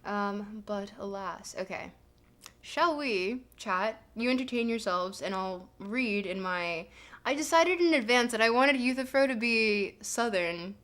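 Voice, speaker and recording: A woman's voice: medium pitch, expressive, a little slow, a bit bright. A woman streamer chatting casually with her viewers, rambling and giggling with lots of fillers. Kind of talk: casual livestream chat.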